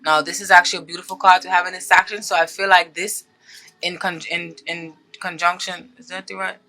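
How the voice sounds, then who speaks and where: Bright-voiced, chatty woman tarot reader. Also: lowish voice, little pitch movement, a little fast, poor audio. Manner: chatty and earnest, often checks in with "okay?"; reads card meanings aloud, then comments freely. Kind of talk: casual spoken tarot reading to viewers.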